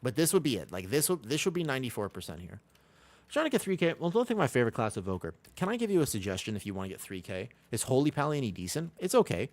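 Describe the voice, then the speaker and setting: Lively-voiced American man streaming. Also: mid-range voice, fast. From Los Angeles, USA. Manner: chatty, reads viewer questions aloud and answers casually. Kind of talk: live-stream game commentary.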